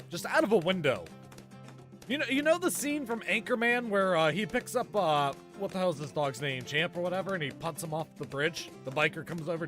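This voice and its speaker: A male streamer talks casually to his chat while he plays, joking and sarcastic. His voice is bright and swings up and down a lot, with pitch sitting a little high. Faint game music runs underneath.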